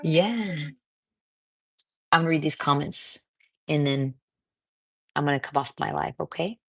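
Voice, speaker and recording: Low-voiced American woman chatting on a livestream. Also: little pitch movement, moderate pace, gravelly. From United States. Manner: chatty, warm and encouraging, with frequent fillers. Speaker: cancer coach hosting a livestream. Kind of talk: casual livestream chat reading comments.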